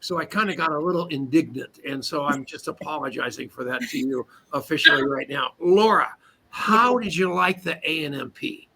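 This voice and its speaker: Male live-show host, raspy and bright, playful storyteller. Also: on the high side, normal speed, a little hiss or hum. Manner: animated, teasing storyteller. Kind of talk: casual live-stream chat.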